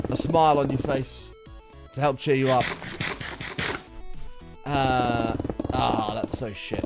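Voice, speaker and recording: A man streaming a video game, chatting animatedly with viewers, reading their messages aloud and swearing casually. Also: medium pitch. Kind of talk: casual live gaming commentary. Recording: music playing behind.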